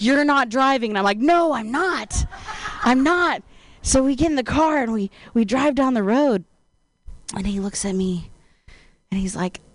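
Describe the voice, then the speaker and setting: Stand-up woman, high voice, dry close sound, loose rambling delivery. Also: dry recording. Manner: rambling, laid-back, full of "like". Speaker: stand-up comedian. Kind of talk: stand-up storytelling.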